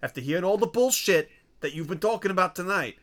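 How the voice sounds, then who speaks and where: A man's voice: sits high, animated, fast, fairly bright tone. A man in a casual podcast chat who launches into mock-aggressive rants in a put-on tough-guy voice. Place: home, on a microphone.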